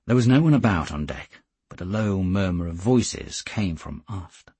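A man narrating an audiobook in a steady, measured way. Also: low voice, husky, dry recording.

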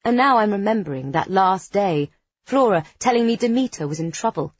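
A woman narrating a first-person novel in an expressive, lively reading. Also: mid-range voice, a little fast, no echo, lo-fi sound. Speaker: audiobook narrator.

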